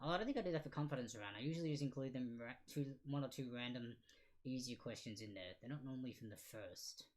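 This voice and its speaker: Running a livestreamed quiz night, this young male trivia host talks fast at a medium pitch. He keeps things loose and joking, often laughing and making fun of himself.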